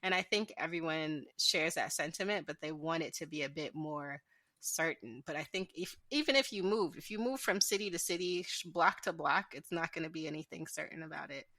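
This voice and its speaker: Bright-voiced woman hosting a podcast. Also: low-pitched, brisk, no room sound, studio quality. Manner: rambling, many "like" fillers and restarts. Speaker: podcast host. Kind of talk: casual podcast conversation.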